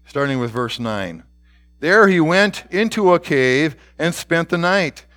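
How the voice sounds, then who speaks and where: Pastor guy preaching slow, kinda high voice, reads scripture all dramatic then goes quiet and whispery. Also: expressive. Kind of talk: sermon.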